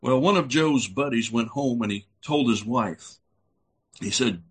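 A man's voice: medium pitch, measured pace, slightly rough. A man preaching a conversational sermon, folksy and blunt, with chuckling asides.

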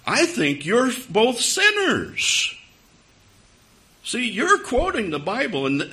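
A man with a slightly high, sharp voice preaches a sermon directly to a live congregation. He tells a story conversationally, with wry humor.

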